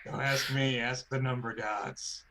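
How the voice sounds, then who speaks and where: A man's voice: mid-range voice, steady tone, a little slow, noisy background. A man playing a tabletop game, dry and sardonic, sometimes putting on a thick posh accent for his character. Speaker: player. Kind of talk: tabletop role-play.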